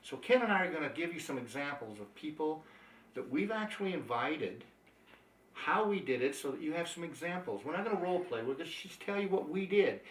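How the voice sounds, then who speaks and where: A man's voice: fairly high pitch, animated, fairly quick, a little hiss or hum. A man giving an upbeat, emphatic motivational training talk on network marketing. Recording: echoey room, mic at a distance.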